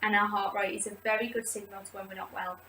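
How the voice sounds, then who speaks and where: A woman's voice: mid-range voice, flat delivery, fast, bright, forceful tone. A woman talking casually and rambling, with lots of filler words, as she leads a support group video. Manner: chatty and rambling, many "like" fillers. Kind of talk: casual personal talk to camera. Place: indoors, seated. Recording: roomy echo, distant from mic, faint background noise.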